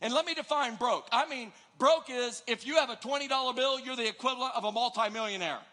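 Energetic male preacher, bright and forceful, playful sermon to a live congregation. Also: extremely high pitch, quick pace. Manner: energetic, joking, questions the audience. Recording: long hall reverb.

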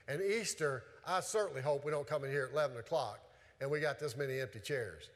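A man's voice: fairly high pitch, fairly bright tone. A male pastor preaching a sermon in a church, talking in a conversational, folksy way with many repetitions. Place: church sanctuary. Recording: long hall reverb.

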